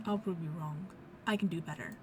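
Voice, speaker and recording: A worried male bird lawyer from a game, voiced by a woman reading it aloud. He frets and doubts himself, speaking in a lowered voice. A steady noise hums under the recording. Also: brisk, lightly acted. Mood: distressed. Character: anxious male bird lawyer, easily flustered. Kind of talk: voicing a game character.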